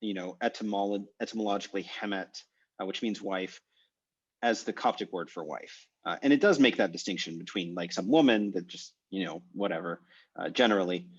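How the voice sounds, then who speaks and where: A man's voice: low-pitched, a little fast, breathy edge, highs cut off. A man teaching an online language class, thinking aloud with many fillers and restarts. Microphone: video call.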